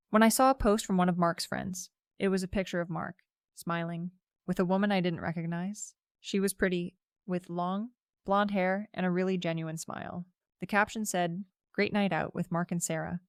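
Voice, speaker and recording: A woman's voice: on the low side, clean tone, no room sound, clean studio sound. A woman telling a first-person story in a conversational, self-justifying way with casual fillers.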